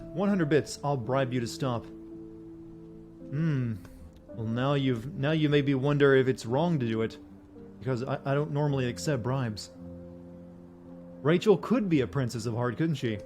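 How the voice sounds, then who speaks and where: A male game streamer talks with his chat in a flat, deadpan manner, his pitch sitting in a middle range. Faint music plays behind him. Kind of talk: casual livestream chat.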